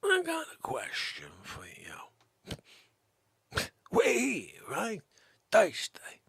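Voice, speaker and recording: A man doing a rambling stand-up comedy monologue, switching between hushed asides and loud silly voices. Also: high-pitched, wildly swooping pitch, drawn-out words, vocal fry, breathy edge, dry recording. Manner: goofy, jumps between whispers and loud silly character voices; rambling and playful.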